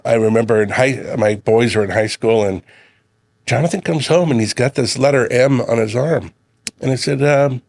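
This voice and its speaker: Middle-aged man, chef guest, steady storyteller, close dry studio mic. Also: medium pitch, creaky, no room sound. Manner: relaxed storyteller, quotes his sons and himself. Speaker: guest, chef and community leader. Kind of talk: casual chat.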